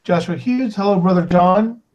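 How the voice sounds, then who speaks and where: A man with a high voice hosts a casual live drawing stream. He reads the chat aloud in a loose, chuckling way and trips over the usernames. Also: moderate pace, darkish tone, muffled recording. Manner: reads viewer comments aloud, chuckling, stumbling over names.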